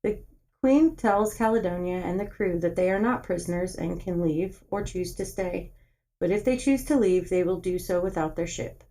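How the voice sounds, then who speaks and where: A woman's voice: fairly low pitch, normal speed, dark tone, rough recording. Woman co-host reading a book aloud. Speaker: podcast co-host.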